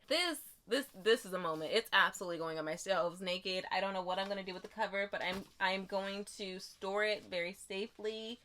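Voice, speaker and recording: Bright-voiced gushing young woman. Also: mid-range voice, a little fast, few pauses. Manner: gushing, emotional, swings from whispers to squeals. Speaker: book vlogger. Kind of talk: excited unboxing vlog.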